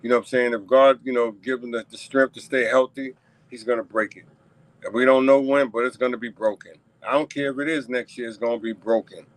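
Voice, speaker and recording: This medium-pitched New York host delivers casual solo commentary, emphatic and repetitive, aimed right at his viewers. The recording is rough but has no echo.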